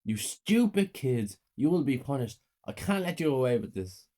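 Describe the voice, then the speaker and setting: A man voicing a cruel, abusive mother who scolds her children slowly and coldly. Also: medium pitch, big pitch swings, warm tone, voice pushed up, close to an everyday voice. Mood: menacing. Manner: slow, menacing, scolding. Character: cruel, cold, abusive mother, adult woman.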